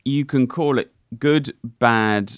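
A man co-hosting a podcast, chatting casually in an animated, teasing way. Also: mid-range voice, takes it slowly, clear, resonant tone, no room sound, clean studio sound. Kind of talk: casual chat.

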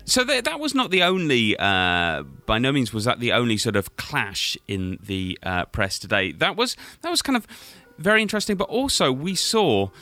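A man hosting a radio music chat, his voice bright and forward with a lively rise and fall. He talks casually and breaks into little acted-out quotes. Faint music sits underneath. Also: medium pitch, moderate pace, few pauses, no echo. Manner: lively, animated, acts out quotes. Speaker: radio show host.

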